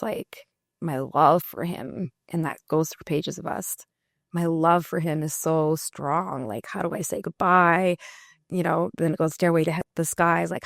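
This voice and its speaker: Woman musician talking it through, lots of um and like, gravelly voice. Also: lowish voice, no echo, studio quality. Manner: candid, reflective, many fillers. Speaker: musician guest. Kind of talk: casual interview talk.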